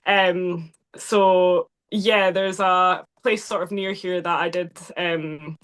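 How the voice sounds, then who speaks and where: Woman, actress guest, casual chat, bright tone, laughs a lot, lots of ums. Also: on the low side, steady tone, slow, clear, resonant tone. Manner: chatty, laughs often, many fillers.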